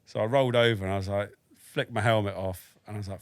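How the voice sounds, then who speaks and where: This forty-ish British army veteran talks fast in a voice on the low side with fairly even intonation. As a podcast guest telling a casual story, he's frank and matter-of-fact, swearing and using dry humour, recorded with no room sound.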